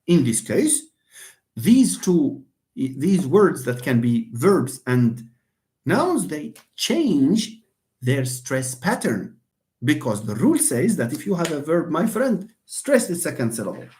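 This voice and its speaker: Moroccan male English teacher, animated up-and-down delivery, patient and repetitive. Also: high voice. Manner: switches between English and Darija, repeats key points; animated, calls on students by name. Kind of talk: online classroom lesson.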